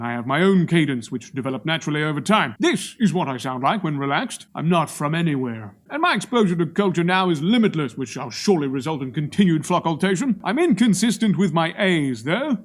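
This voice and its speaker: A man's voice: fairly high pitch, very animated, brisk, hardly any pauses. Verbose, projecting Australian-born man. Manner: verbose, pontificating, projecting, wry. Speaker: vlogger. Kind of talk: monologue to camera.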